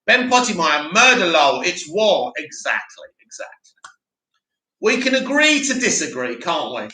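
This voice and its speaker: Chatty guy on a live stream, high bright voice, echoey room. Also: normal speed. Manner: chatty, animated, mocks a dramatic voice. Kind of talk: casual live chat reading comments.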